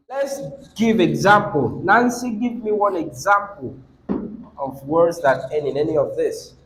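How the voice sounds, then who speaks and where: A male teacher with a Nigerian English accent and a high voice leads a classroom lesson. He talks at a slow, measured pace, dictating each rule and repeating it for note-taking. Between rules he quizzes his students with short questions. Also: rough recording.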